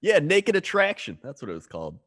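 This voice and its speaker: A man's voice: fairly high pitch, wildly swooping pitch, a little fast, fairly bright tone. A man on a podcast chatting casually in a laid-back way, often laughing mid-sentence. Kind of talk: casual chat.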